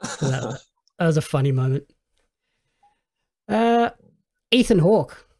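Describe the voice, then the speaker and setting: A man's voice: fairly high pitch, animated, slow, a little mellow. A man hosting a casual podcast chat about films and shows, easygoing and quoting his own reactions. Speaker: podcast host.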